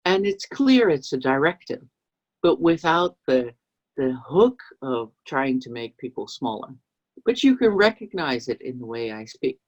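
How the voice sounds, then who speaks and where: A woman coach explains ideas to camera in a husky voice and slips into short acted example voices as she goes. Her delivery is lively and expressive. The sound is muffled and low-fidelity. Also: measured pace. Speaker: business coach and trainer.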